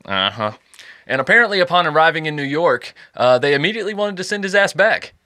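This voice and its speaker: A man's voice: a little high, very animated, fast, bright, forceful tone, dry recording, studio quality. A man hosting a podcast in casual chat, telling the story as a joking, profane storyteller. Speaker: podcast host.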